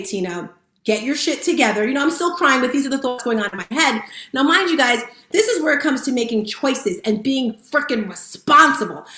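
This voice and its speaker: A woman's voice: high voice, sharp tone. A woman giving a candid, emotional, live-streamed motivational talk, casually addressing viewers as guys. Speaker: motivational speaker and fitness instructor. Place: room at home with lights set up. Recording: roomy echo.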